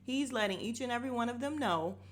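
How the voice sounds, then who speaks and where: A woman podcast host with a fairly high, lively voice talks fast as she recaps a reality show. She's blunt and opinionated, swears freely, and gets heated when something annoys her.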